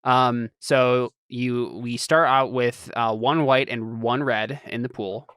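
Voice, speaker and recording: A man's voice: medium pitch, level tone, slow pace, fairly bright tone, clean tone, no room sound, studio quality. Hesitant man explaining game rules. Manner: hesitant, many ums. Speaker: game master.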